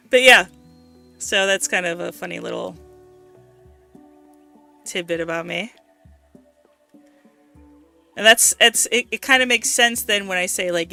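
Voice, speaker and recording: A woman streamer chats casually and giggles easily while she plays. Her voice is bright and forward, with faint game music in the background. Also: lowish voice, a little slow, creaky, long pauses. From United States. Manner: giggly, chatty. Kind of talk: casual gameplay chat.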